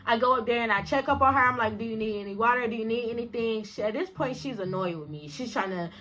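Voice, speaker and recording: Bright animated young woman telling a story. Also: fast, slight background noise. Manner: animated, slangy, acts out dialogue with big pitch jumps and laughs. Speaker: vlogger. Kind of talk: storytime vlog.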